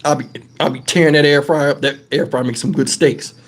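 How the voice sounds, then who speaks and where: A man's voice: fairly high pitch, fairly quick. A man hosting a live stream, telling casual profane stories and laughing along. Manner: animated, profane, laughs through his stories.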